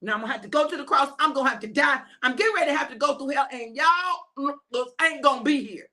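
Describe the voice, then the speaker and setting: A woman's voice: high voice, quick pace. A woman voicing Jesus as a frustrated, weary man pleading with sleepy followers. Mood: exasperated. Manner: exasperated, pleading, rising and shouting.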